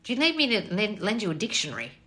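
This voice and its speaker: A woman's voice: mid-range voice, very animated, quick pace, pushed and bright. A woman coach on a live stream answering chat questions, blunt and sarcastic, swearing freely. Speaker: manifestation coach.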